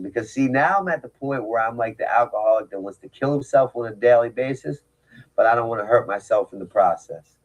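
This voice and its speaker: A man's voice: mid-range voice, a little mellow, rough recording. Guy telling his story, candid, punchy, keeps asking right?. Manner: candid, emphatic, rhetorical asides. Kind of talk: personal storytelling talk.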